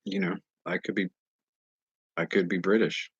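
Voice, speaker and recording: A man talking straight to his viewers in a casual monologue, earnest and halting as he searches for words. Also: deep voice, sing-song, gravelly, husky, no room sound. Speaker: vlogger addressing viewers. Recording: dull lo-fi recording.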